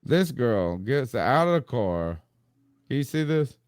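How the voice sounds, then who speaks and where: A man co-hosting a sports podcast, telling stories in a loose, profane, animated way and laughing often. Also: mid-range voice, slow, clear, resonant tone, dry recording, clean studio sound. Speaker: podcast co-host. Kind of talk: casual chat.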